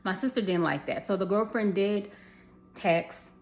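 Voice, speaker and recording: A woman's voice: mid-range voice, unhurried, a little mellow. Chatty woman telling a storytime. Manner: chatty, addresses viewers as y'all, swears freely. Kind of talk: casual storytime vlog.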